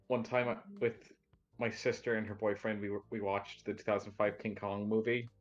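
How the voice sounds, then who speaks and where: A man's voice: on the low side, flat delivery, normal speed, lo-fi sound, soft background music. A man in casual group chat on a stream, telling a rambling anecdote full of fillers and restarts.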